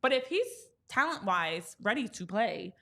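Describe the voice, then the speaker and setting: A woman's voice: medium pitch, very animated, measured pace, gravelly, fairly bright tone. A woman co-hosting a casual sports podcast, talking emphatically with exasperated rhetorical questions. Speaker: podcast co-host.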